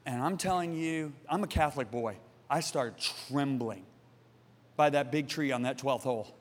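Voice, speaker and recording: A man's voice: mid-range voice, moderate pace. A man preaching a sermon to a congregation, telling a story with passion and calling on the listeners to respond. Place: church hall with congregation. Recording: long reverb of a large hall.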